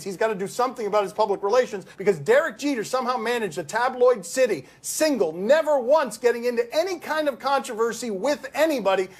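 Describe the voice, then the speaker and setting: A man hosting a sports talk show, riffing quickly and with animation. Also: very high voice. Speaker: host.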